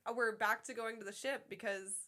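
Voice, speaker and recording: A woman's voice: on the high side, steady tone, fairly quick, pushed and bright. A woman co-hosting a podcast in casual chat, rambling and swearing freely. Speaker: podcast co-host.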